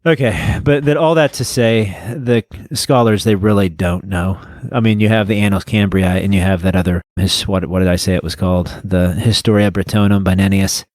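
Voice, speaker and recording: A man's voice: deep voice, moderate pace, few pauses, darkish tone, no echo. A man co-hosting a casual book podcast, rambling and stopping to search for names as he talks. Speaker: podcast co-host. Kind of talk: casual chat.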